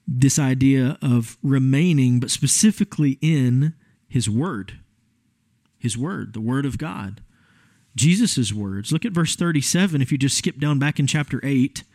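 A man's voice: mid-range voice, darkish tone, no room sound. A man preaching a sermon in a conversational, emphatic way, with asides to his congregation. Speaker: pastor.

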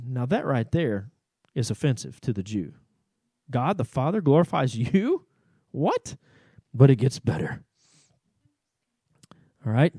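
A man preaching a sermon, reading scripture aloud and stopping to explain it, rising in pitch for emphasis and checking in with "right?". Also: slow, long pauses, slightly rough, no echo. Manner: animated, rises in pitch for emphasis, asks "right?".

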